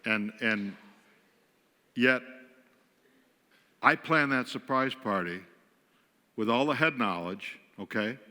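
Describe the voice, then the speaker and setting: A man's voice: medium pitch, slow, long pauses, sharp tone. A man from western New York, a guest speaker telling wry, self-mocking stories in a humorous sermon. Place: church sanctuary. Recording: church hall reverb.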